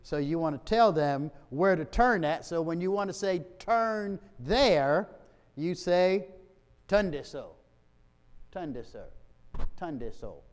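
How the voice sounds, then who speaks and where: Slow-talking pastor in a reverberant church. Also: male voice, high-pitched, animated, clean tone. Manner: chatty, laughing asides. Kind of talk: church mission report. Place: church sanctuary.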